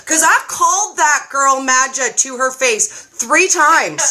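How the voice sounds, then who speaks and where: Bright, high-voiced excitable woman. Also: takes it slowly. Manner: excitable, animated storyteller. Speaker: guest cookbook reviewer and keto creator. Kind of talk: casual chat.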